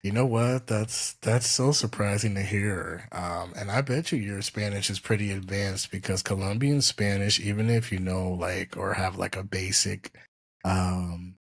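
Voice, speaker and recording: A man with a low, gravelly voice and a husky edge hosts a relaxed podcast conversation. He speaks in an easygoing, meandering way, full of "um" and "you know." The sound is close and dry. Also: a little slow, dry recording. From US East Coast. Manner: easygoing, rambling, frequent fillers. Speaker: podcast host. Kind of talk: casual interview chat.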